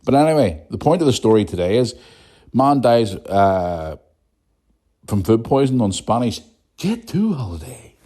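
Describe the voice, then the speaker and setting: Northern Irish male podcast host, thirties, low mellow voice, blunt sweary ranter. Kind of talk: casual ranting monologue.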